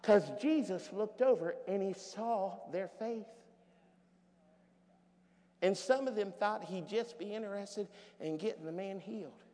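A man pastor preaching a sermon, rising to loud shouted peaks and dropping to quiet storytelling. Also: sits high, big-room sound.

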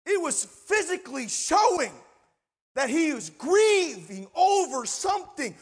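A man preaching a sermon as pastor, impassioned, moving between shouted lines and hushed, quiet passages. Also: very high-pitched, big pitch swings, measured pace.

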